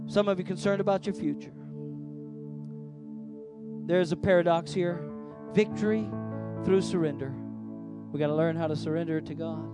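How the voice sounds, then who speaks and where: A man preaching a sermon as the pastor of a church service, emphatic, swinging between loud declarations and hushed lines. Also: on the high side, fairly even intonation, moderate pace, pauses often. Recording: faint music behind.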